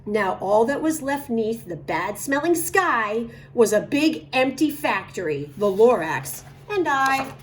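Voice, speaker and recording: A woman reading a rhyming picture book aloud to children in an expressive, sing-song way. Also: fairly high pitch, takes it slowly, hardly any pauses, a little hiss or hum. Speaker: children's story reader.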